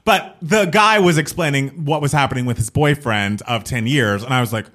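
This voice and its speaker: A man's voice: mid-range voice, normal speed, a bit bright. A man co-hosting a podcast, recapping an event in an upbeat, conversational way. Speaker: podcast co-host. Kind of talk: casual chat.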